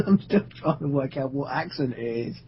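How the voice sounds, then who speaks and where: A man's voice: mid-range voice, moderate pace. A man making dry, wry asides in a gaming chat. His voice sits mid-range. The recording is dull with a faint hiss behind it. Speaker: podcast co-host.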